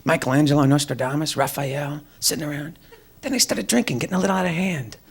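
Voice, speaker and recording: A man's voice: on the high side, fast, vocal fry, breathy edge. A young man doing a stand-up comedy set on a club stage, wry and mocking, slipping into quoted voices.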